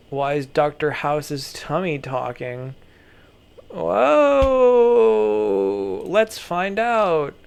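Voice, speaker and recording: A tired vlogger drifts through meme commentary in a flat, low-energy mumble. The pace is slow and unhurried, and the voice sits in a gravelly fry. Underneath, the tone stays smooth and clean. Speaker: vlogger reacting to memes. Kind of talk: casual commentary.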